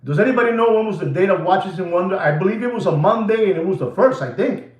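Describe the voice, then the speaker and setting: Guy ranting on his watch channel, high voice swinging all over, roomy echoey sound. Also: fast, muffled recording. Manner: excitable, theatrical, slips into Spanish asides. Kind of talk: animated rant to viewers. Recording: roomy echo.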